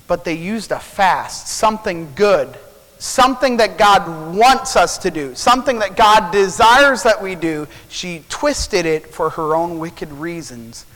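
A male preacher with a fairly high voice delivers a sermon, telling a Bible story and asking his listeners rhetorical questions. His voice rings with a long reverb from a large hall. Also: a bit bright.

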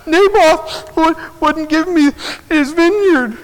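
A man's voice: high voice, lively intonation, moderate pace, a bit bright, big-room sound, low-quality recording. A man voicing a spoiled, greedy king who whines and demands, acted out in a sermon. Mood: whining. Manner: whiny, demanding.

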